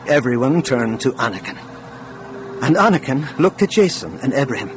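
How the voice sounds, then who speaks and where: Guy reading an audiobook, lively up-and-down voice, noisy hissy background. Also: mid-range voice, fairly quick. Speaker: audiobook narrator. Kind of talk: scripted narration.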